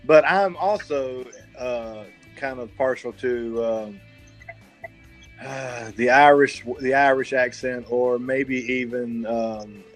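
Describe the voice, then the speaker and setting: A man's voice: medium pitch, slow pace, soft background music. A man with a Southern US accent co-hosting a casual podcast, hesitant and full of fillers. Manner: hesitant, many fillers and restarts. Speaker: podcast co-host. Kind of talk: casual chat.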